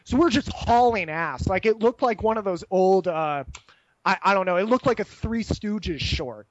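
High-voiced young man, loose and profane raconteur, dry slightly muffled sound. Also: normal speed, no room sound. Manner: animated, profane, laughs while telling stories. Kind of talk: casual storytelling chat.

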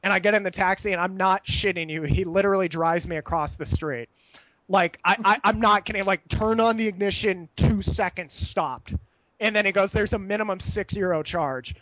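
High-voiced young man, loose and profane raconteur, dry slightly muffled sound. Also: normal speed, dry recording. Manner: animated, profane, laughs while telling stories. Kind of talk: casual storytelling chat.

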